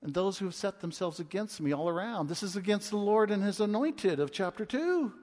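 A man in his twenties preaching a sermon as a pastor, impassioned and swinging from loud to hushed. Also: high-pitched, lively intonation, brisk. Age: 20s. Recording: long reverb of a large hall.

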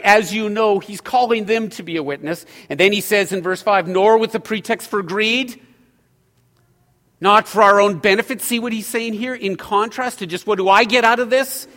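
A middle-aged male pastor preaching a sermon, swinging from loud emphatic lines to hushed ones. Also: sits high, moderate pace. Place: church sanctuary. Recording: long hall reverb.

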